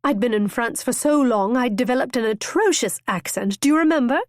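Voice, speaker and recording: A woman's voice: fairly high pitch, expressive, a little fast, no room sound, studio quality, pitched above the performer's own voice, natural voice. A woman voicing an impulsive, witty young noblewoman who tells her tale eagerly and theatrically. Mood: lively. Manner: bright, eager, storytelling.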